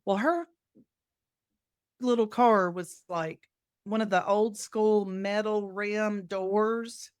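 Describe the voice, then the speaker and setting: A woman's voice: mid-range voice, slow pace, clean tone, no room sound, clean studio sound. A middle-aged woman co-hosting a podcast, telling stories in casual chat and acting out the quotes. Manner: animated storyteller, acts out quotes. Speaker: podcast co-host.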